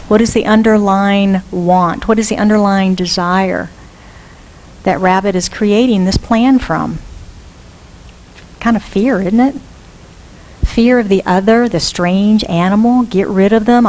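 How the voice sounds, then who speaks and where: Woman minister, fairly high voice, lively storytelling sermon that keeps questioning the listeners. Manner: lively, asks the congregation questions. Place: church.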